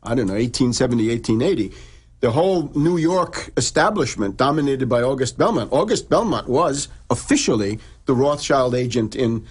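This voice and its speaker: A man's voice: medium pitch, expressive, husky. A man explaining history at length in conversation, with frequent restarts and fillers. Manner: long halting explanations with many restarts. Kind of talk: lecturing conversation.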